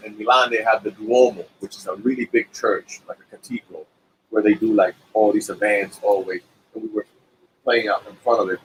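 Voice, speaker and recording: In a low-quality recording with a little hiss or hum, a middle-aged musician with a lowish voice appears as a guest in a casual cafe interview. He tells animated anecdotes and acts out the quotes of the people in them.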